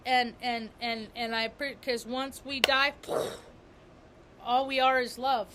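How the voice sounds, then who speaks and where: A woman's voice: a little high, little pitch movement, slow, a bit bright, slight background noise. A woman vlogger talking in a rambling spiritual monologue, repeating and restarting her words with emphasis.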